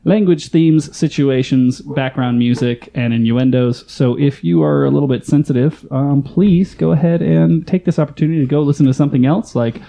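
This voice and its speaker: Gravelly, irreverent male podcast host. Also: fairly high pitch, normal speed, few pauses, mellow, slight background noise. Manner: irreverent, profane, joking. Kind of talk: casual comedic podcast banter.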